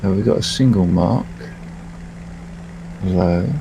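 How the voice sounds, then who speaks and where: Slow, gravelly deep-voiced man. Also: background noise. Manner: calling out spotted planes. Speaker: flight-sim teammate. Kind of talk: casual gaming chat.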